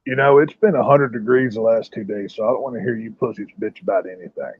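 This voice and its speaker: A man's voice: on the low side, fast, slightly rough, no echo. A man, co-hosting a casual podcast chat with brash, crude joking. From Texas. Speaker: podcast co-host. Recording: dull lo-fi audio.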